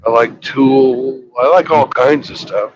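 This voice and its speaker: A man hosting a casual live stream from a car on the highway, blunt and matter-of-fact. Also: slow pace, no room sound, muffled recording. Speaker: livestream host.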